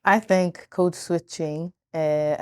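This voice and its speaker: A teenage girl with a Northern Irish accent chats casually as a talk show co-host. Her voice sits a little low, and the sound is dry and close. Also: slow, smooth, no echo. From Nigeria. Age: teens. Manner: relaxed, chatty, many short agreements. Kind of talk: casual chat.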